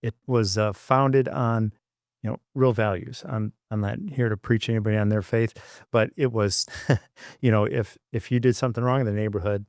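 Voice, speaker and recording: A man's voice: on the low side, steady tone, normal speed, a little mellow, no room sound, clean studio sound. A man in his sixties from Michigan, a podcast guest rambling through memories of his childhood with many asides. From Michigan, United States. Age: 60s. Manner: rambling, many fillers and restarts. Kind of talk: reflective storytelling.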